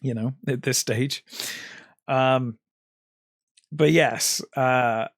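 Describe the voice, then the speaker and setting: A man's voice: medium pitch, fairly even intonation, very slow, vocal fry, no room sound, clean studio sound. A man co-hosting a film podcast, retelling scenes in a casual chat with lots of ums and acted-out quotes. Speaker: podcast co-host.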